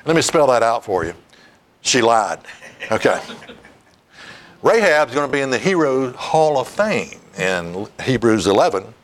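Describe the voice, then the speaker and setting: A man's voice: mid-range voice, big pitch swings, measured pace, pauses often, a little hiss or hum. A man preaching a sermon, reading scripture aloud and laughing often as he talks. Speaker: pastor.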